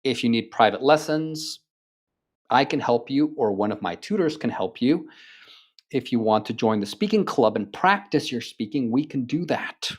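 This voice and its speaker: A man's voice: medium pitch, lively intonation, normal speed. A man teaching an online lesson, enthusiastic and checking in with the learner often. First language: French. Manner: enthusiastic, switches between English and French, many "right?" check-ins. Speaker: French teacher.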